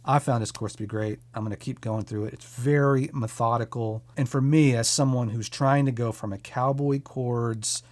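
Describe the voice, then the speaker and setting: A man hosting a music channel, talking casually and enthusiastically about creators he recommends, with quick self-deprecating asides. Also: medium pitch, fairly even intonation, a little mellow. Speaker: music YouTuber and host.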